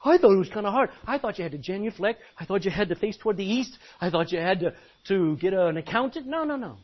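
A man preaching a sermon as pastor, animated and joking with the congregation. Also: high voice, fast talker. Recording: dull lo-fi recording.

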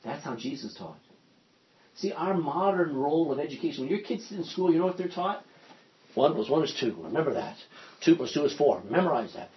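A man teaches a Bible study class, reading verses aloud and questioning his group. His voice is husky and sits a little high. The recording sounds dull and lo-fi. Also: lively intonation, fairly quick. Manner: reads scripture aloud, asks the class questions.

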